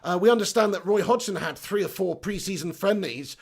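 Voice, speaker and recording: A young man hosts a casual livestream, his voice high and gravelly. He talks bluntly, swears a lot and jokes around as he reads out viewers' comments. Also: lively intonation, fairly quick. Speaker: fan channel livestream host.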